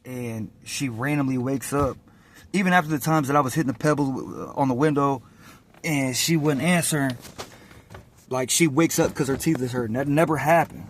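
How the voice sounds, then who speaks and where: A man telling a personal story casually, outdoors on his phone, animated and profane, acting out the scenes as he goes. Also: mid-range voice, normal speed, slight background noise. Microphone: phone or camera.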